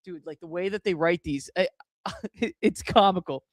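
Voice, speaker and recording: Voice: mid-range voice, moderate pace, dry recording, studio quality. A streamer giving casual reaction commentary on posts, reading them aloud, saying dude and man, and breaking into laughter again and again. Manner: slangy and loose, says dude and man.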